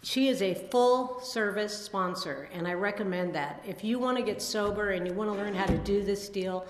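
A woman's voice: medium pitch, normal speed, music in the background. Woman in her sixties sharing in an echoey hall. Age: 60s. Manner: rambling, self-deprecating, many fillers and restarts. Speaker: speaker sharing at a recovery meeting. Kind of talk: personal recovery testimony. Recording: echoey hall with long reverb.

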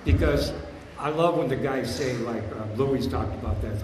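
An older man shares his recovery story at a meeting in a blunt, streetwise way. He rambles, circles back on phrases and suddenly gets louder on the punchlines. His voice rings out through a large, reverberant hall, with a faint hum of the room underneath. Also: animated, moderate pace. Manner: bursts louder and higher on punchlines.

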